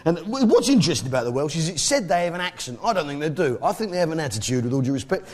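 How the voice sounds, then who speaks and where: A man's voice: a little high, sing-song, very fast. A man with a British accent doing boastful, swearing stand-up comedy, recorded live on stage. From Britain. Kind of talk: stand-up comedy as a pompous publican. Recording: live stage show with loud audience.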